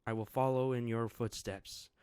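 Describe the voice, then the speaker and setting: A man's voice: medium pitch, steady tone, normal speed, a little mellow, clear, resonant tone, no echo, natural voice. A man voicing a proud young male shogun who declaims formally and solemnly, in a dry, close recording. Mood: rousing.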